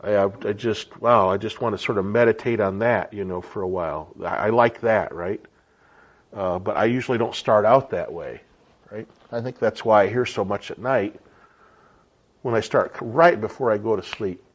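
A man's voice: on the low side, moderate pace, dull audio. A man giving an informal sermon as a Bible teacher, chatty and conversational, often checking in with rhetorical questions.

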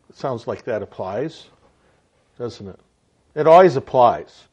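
A man's voice: medium pitch, lively intonation, measured pace, long pauses, a little mellow, husky, dull audio. A man giving a reflective spoken sermon message in an earnest way, with frequent stammered restarts. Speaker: preacher.

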